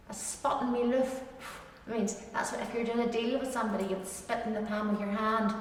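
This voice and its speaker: Middle-aged woman, Ulster accent, lively teacher, fairly high voice, recorded from a distance in a big echoey room. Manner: lively, demonstrative, stretches out dialect words. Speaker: tour guide teaching dialect words. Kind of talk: informal spoken lesson. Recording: echoey hall, distant mic.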